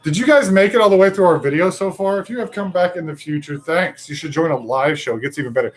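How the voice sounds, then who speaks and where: Slightly high-voiced guy goofing around on a live show, rambly jokes at the viewers. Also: fast talker. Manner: joking, rambling, talks to viewers. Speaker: co-host. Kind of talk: casual live-show banter.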